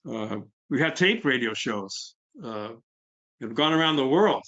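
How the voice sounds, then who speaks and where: A middle-aged man talks through a presentation in a relaxed, conversational way, full of "uh"s and restarts. His voice sits in a middle pitch. The sound is a little dull and lo-fi. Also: unhurried, vocal fry. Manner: conversational, fillers, quotes others. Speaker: nonprofit founder. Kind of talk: webinar presentation.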